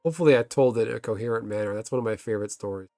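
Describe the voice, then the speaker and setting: A man's voice: fairly low pitch, very fast, darkish tone, dry recording, clean studio sound, faint music behind. Rambling, swearing man streaming a game. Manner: rambling storyteller, swears when the game crashes. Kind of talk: casual chat while gaming.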